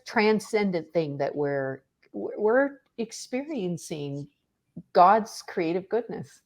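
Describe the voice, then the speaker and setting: Middle-aged woman, kinda low voice, guest on a faith podcast, tells stories with lots of energy. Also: slow. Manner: animated storyteller who acts out quotes. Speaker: podcast guest, author and speaker. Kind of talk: casual faith conversation.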